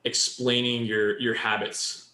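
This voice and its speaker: A man's voice: mid-range voice, level tone, takes it slowly, sharp tone, reverberant, slight background noise. A man co-hosting a podcast, explaining Japanese in casual chat and building example after example. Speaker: podcast co-host.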